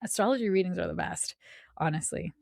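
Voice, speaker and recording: A woman's voice: fairly low pitch, huge pitch swings, brisk, creaky, darkish tone, no echo, studio quality. A woman hosting a spiritual podcast in a casual, chatty way, often checking in with "right?". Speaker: podcast host and coach.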